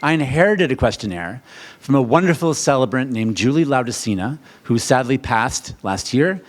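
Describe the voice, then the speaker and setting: Speaking at a normal speed, a middle-aged American wedding officiant gives a presentation to a seminar crowd. He's theatrical and full of energy, often leaping to loud, high pitches as he throws questions at the room.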